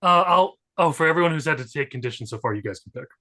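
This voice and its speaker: A man's voice: on the high side, lively intonation, fast, bright, forceful tone. A man narrating as game master in a tabletop game, chatty and loose, with plenty of fillers.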